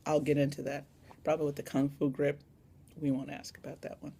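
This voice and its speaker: A woman's voice: low-pitched, level tone, a little fast, warm tone, breathy edge. A young woman chatting casually in a vlog tag, rambling and adding little asides, recorded on a phone camera. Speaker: vlogger.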